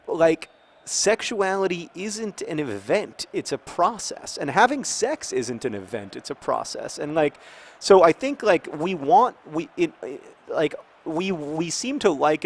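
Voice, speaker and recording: A video blogger with a slightly high voice plays a football video game while musing on a topic. He rambles, restarts often and bursts into excited outcries at the game.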